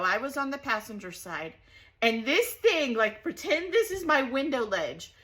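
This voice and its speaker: A woman's voice: sits high, very animated, unhurried, fairly bright tone. A middle-aged woman hosting a casual scrapbooking vlog, bubbly and laughing often as she chats and tells stories. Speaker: scrapbooking channel host.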